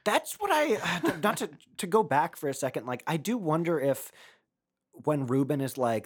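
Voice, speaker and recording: A podcast co-host in casual discussion, animated and quick to interject with questions. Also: medium pitch.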